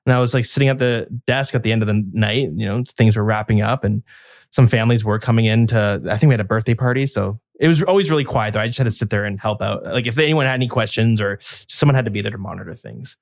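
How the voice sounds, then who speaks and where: Speaking quickly in a lowish voice, this podcast co-host chats casually and tells stories in a rambling manner. He frequently restarts sentences and leans on fillers, and the studio-quality audio has no echo.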